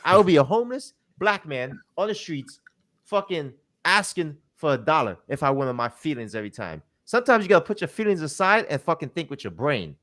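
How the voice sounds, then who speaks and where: A man's voice: on the high side, sing-song, fairly quick, a bit bright. A man delivering a heated, profane commentary rant, emphatic and mocking as he quotes people he disagrees with.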